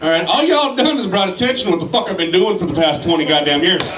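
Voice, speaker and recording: A man's voice: sits high, lively intonation, fast talker, hardly any pauses, noisy background. A man from Colorado doing a rowdy, profane stand-up comedy set. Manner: profane, rowdy, shouts at the crowd. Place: comedy club with live audience. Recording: echoey club from a distance.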